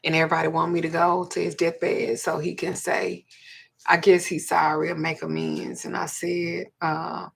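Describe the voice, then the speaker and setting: Outspoken female spiritual host, low husky voice with fry. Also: flat delivery, moderate pace. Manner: blunt and profane, retelling a client's story. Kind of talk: livestream talk.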